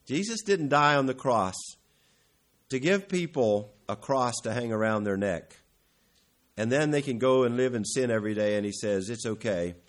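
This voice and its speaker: Animated and speaking at normal speed, a pastor delivers a sermon that swells into emphatic, louder peaks and falls back into low, quiet stretches. There are self-corrections and the occasional throat-clearing.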